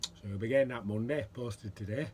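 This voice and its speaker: A man from the United Kingdom with a hoarse, gruff voice after a cold, chatting plainly and self-deprecatingly about his pipes and tobacco as a vlog host. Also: mid-range voice, brisk, a little mellow, slight background noise. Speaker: pipe maker and tobacco reviewer. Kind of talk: casual chat to camera.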